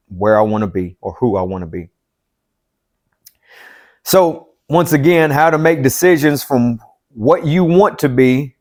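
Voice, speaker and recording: A plain-spoken man at a middle pitch talks like a life coach, swearing freely and pressing the same points again and again. His delivery is blunt and emphatic, the rhythm of a motivational pep talk. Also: a little mellow. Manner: blunt and profane, hammering points by repetition. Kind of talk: motivational self-help talk.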